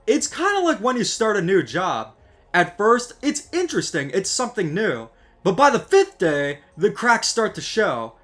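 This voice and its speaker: High, animated ranting man. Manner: exasperated and sarcastic. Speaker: gaming video creator. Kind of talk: scripted ranting commentary.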